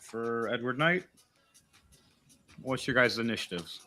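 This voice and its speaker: A man runs a tabletop game as game master, his voice bright and clear. He chats easily, explains the rules as he goes and laughs often, with faint music underneath. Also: mid-range voice, measured pace. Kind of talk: running a tabletop game, casual.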